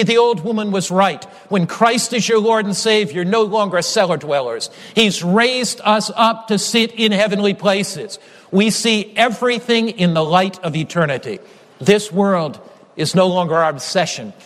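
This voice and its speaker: A male preacher with a high-pitched voice delivers a sermon in an emphatic, repetitive cadence. His words echo with a long reverb, like a large church sanctuary. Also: a bit bright. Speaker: pastor.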